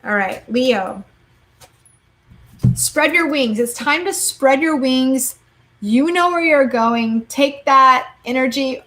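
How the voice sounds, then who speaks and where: A young woman reading tarot cards in a casual live-stream chat, quick and chatty, saying "like" and "okay?" a lot. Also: sits high, lively intonation, fairly bright tone. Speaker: tarot card reader.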